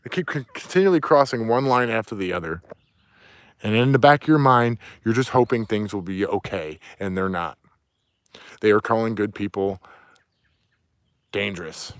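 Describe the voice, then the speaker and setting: A man's voice: fairly low pitch, normal speed, long pauses, clean tone, no room sound. A man delivering an angry, profane, preachy rant outdoors. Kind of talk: ranting monologue. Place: outdoors near woods, with dog.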